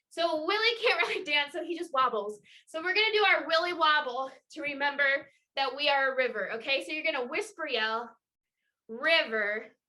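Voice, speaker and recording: A bright, high-pitched young woman leads children through a lively movement lesson over a video call. She sounds energetic, encouraging and playful. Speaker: children's water festival educator. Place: home, indoors.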